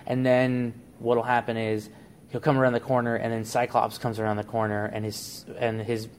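A man's voice: mid-range voice, completely flat delivery, moderate pace, slight background noise. A man on a podcast, casually laying out a plot idea in a rambling way. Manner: rambling storyteller, frequent restarts and "like". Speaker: podcast co-host.

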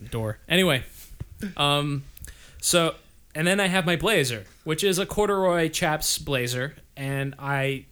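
A man with a voice pitched a little high tells a story in loose, casual conversation. He stammers and restarts often, and he laughs easily as he rambles on. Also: lively intonation, measured pace, a bit bright, clear, resonant tone. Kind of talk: casual chat.

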